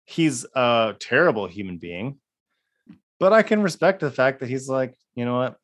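A man's voice: medium pitch, very animated, normal speed, fairly bright tone. A man co-hosting a podcast in casual chat, rambling and restarting with wry laughs. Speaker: podcast co-host.

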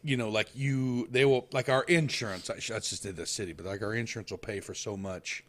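A man's voice: on the low side, a little fast. Rambling casual podcast co-host, a man. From Indiana, US. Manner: rambling, repeats himself with lots of "like". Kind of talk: casual chat.

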